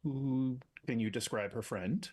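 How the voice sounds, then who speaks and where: A man player speaking in character at a tabletop game, gentle and friendly. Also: mid-range voice, a little slow. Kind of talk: in-character tabletop role-play.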